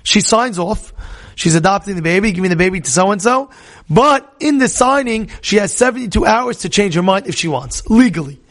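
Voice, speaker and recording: A man's voice: sits high, animated, fairly quick, a bit bright. A man teaching a religious class, telling a story conversationally, repeating himself and quizzing his listeners.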